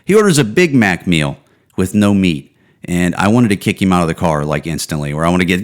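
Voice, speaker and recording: A man's voice: big pitch swings, fairly quick. Profane rambling podcast man. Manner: profane, rambling, trails off with low "dude" and "man". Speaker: podcast host. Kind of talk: casual solo rant.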